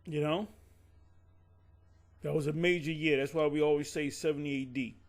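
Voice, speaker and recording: A man's voice: a little high, fairly even intonation, normal speed. A man teaching from the Bible in a casual, rambling way, often stopping to correct himself and drifting off on side stories. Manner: rambling, digressive, self-correcting.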